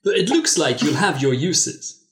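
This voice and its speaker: A woman's voice: low voice, big pitch swings, a little slow. A woman reading aloud and voicing Helga, a condescending scheming villainess, in an echoey room. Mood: mocking. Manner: mocking, condescending. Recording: roomy echo.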